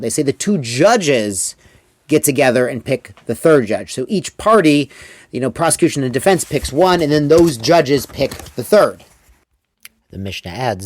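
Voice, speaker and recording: A man giving a relaxed daily Mishnah lesson, reading Hebrew lines aloud and explaining them in plain English. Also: medium pitch, moderate pace, no echo. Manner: casual explaining, reads Hebrew text then translates. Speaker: Torah teacher.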